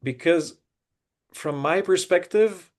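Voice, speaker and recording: An earnest man co-hosting a podcast muses reflectively in a casual way. His voice sits high and moves slowly, and he sounds searching, restarting often and repeating words.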